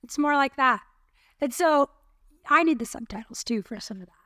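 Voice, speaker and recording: A woman's voice: high-pitched, animated, moderate pace, fairly bright tone, no echo, studio quality. A middle-aged woman co-hosting a podcast in casual, playful, self-mocking chat. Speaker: podcast co-host.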